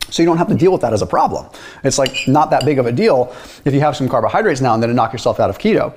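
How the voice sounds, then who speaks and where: A man's voice: mid-range voice, a little mellow. A man hosting a nutrition video who talks in a loose, chatty way, telling a story and then explaining diet science. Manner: chatty, loose, with frequent "like" and "right?".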